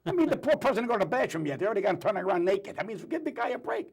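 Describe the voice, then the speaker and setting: A man talking as a guest on a talk show, telling jokes and opinions in a rapid, wisecracking way. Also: high-pitched, very animated, breathy edge. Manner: rapid, joking, wisecracking storyteller. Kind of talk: animated talk show banter.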